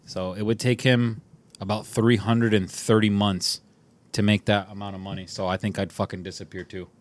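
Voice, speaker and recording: A man's voice: fairly low pitch, normal speed. A man co-hosting a podcast, trading crude jokes and laughing through bawdy stories in casual banter. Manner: laughing, bawdy, animated storytelling. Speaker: podcast co-host.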